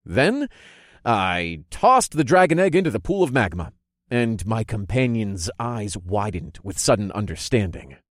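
In a lowish, unhurried voice, a man narrates a first-person fantasy story as an audiobook. He performs it expressively, voicing the characters, and the studio-quality audio carries no room sound.

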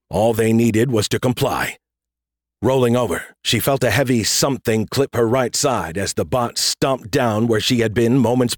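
Guy reading a sci-fi action audiobook, steady and measured, dry close mic. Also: medium pitch, no room sound. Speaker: audiobook narrator. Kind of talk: scripted narration.

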